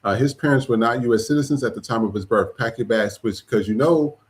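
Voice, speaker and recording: Guy cohost on a podcast, blunt and sarcastic, normal pitched voice. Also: fast talker. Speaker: podcast co-host. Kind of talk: casual podcast talk.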